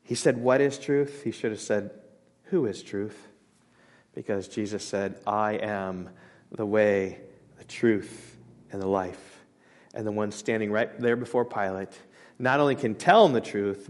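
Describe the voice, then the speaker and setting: A man preaching a sermon as pastor, emphatic, rising loud on scripture and dropping quiet, often repeating and restarting his words. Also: on the low side, a little slow.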